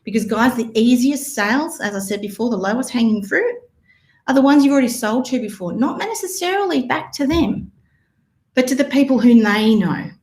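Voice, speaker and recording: Upbeat woman coach with a bright high voice, roomy echo around her, chatty teaching delivery. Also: normal speed. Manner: energetic, chatty, addresses audience as guys. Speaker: marketing coach presenting. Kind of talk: live online workshop talk.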